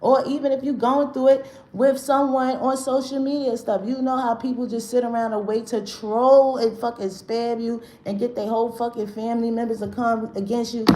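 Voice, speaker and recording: A livestream host rants unscripted in a brash, profane, confrontational manner, rambling with slang and restarts. Her voice is a little high and mellow, echoing in the room over slight background noise.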